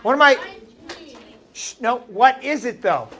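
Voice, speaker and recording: A man's voice: very high voice, expressive, a little slow, noisy background. A man with a Maine accent teaching a math class, chatty and jokey, often shushing his students. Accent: New England (Maine).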